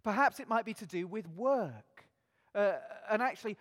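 A man's voice: high-pitched, animated, moderate pace, big-room sound. A man preaching a sermon in an earnest way, asking his listeners many rhetorical questions.

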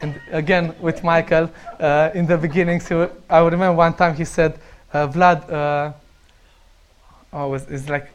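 A man's voice: on the high side, flat delivery, measured pace, pauses often, smooth. A young man from Romania with a Romanian accent, telling casual stories and laughing often as he talks. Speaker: speaker sharing stories. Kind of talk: casual storytelling.

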